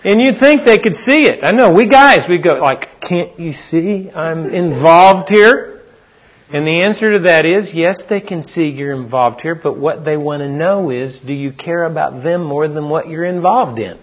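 A man's voice: a little high, expressive, moderate pace, few pauses, muffled recording. A man preaching a sermon in a folksy, storytelling way. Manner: folksy storytelling, acts out quotes.

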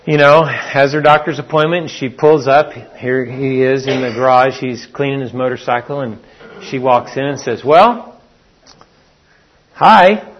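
A man's voice: medium pitch, flat delivery, moderate pace, dull audio, a little hiss or hum. A man preaching a sermon in a folksy, storytelling way. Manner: folksy storytelling, acts out quotes.

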